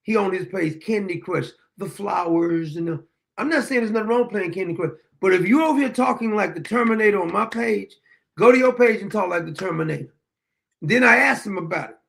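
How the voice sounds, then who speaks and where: A man's voice: sits high, a little fast, vocal fry, fairly bright tone. A middle-aged man hosting his own show, delivering a blunt, combative political monologue and swearing freely. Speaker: show host.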